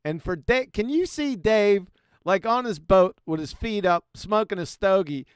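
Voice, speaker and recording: A man hosting a casual live panel chat, animated and mocking, laughing often. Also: sits high, measured pace, clear, resonant tone, dry recording, clean studio sound. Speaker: stream host.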